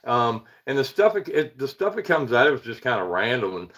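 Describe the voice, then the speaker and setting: This paranormal livestream host, a man from the Eastern United States, rambles casually, calls out viewers by name, and laughs at his own expense a lot. His mid-range voice is a bit bright and sing-song, and he talks fairly quickly.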